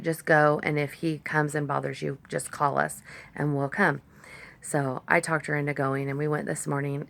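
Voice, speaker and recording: A woman's voice: sits low, vocal fry, fairly bright tone. A woman vlogger telling a rambling, chatty story to her phone camera, stopping now and then to talk to her dogs. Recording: faint background noise.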